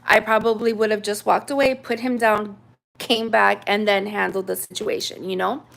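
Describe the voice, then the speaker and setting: Woman, 30s, American, casual storyteller; raspy fry throughout, chatty and animated. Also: medium pitch, normal speed. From United States. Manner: chatty, animated retelling with many fillers.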